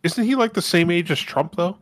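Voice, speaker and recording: A man's voice: high voice, animated, fairly quick, dry recording. A man co-hosting a podcast in casual chat, laid-back and wry. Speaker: podcast co-host.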